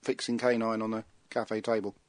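A man's voice: fairly low pitch, flat delivery, moderate pace, no echo, low-quality recording. A man hosting a casual podcast, reading out a chart, joking and laughing often, and tripping over his words.

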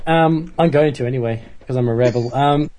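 A man's voice: mid-range voice, a little fast, mellow. A man co-hosting a casual podcast chat in a playful, joking manner. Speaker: podcast co-host.

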